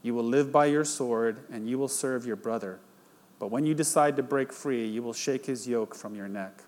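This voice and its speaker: A man's voice: mid-range voice, moderate pace, darkish tone. A male pastor preaching, reading a scripture passage aloud and retelling it in plain storytelling before drawing the lesson. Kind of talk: sermon.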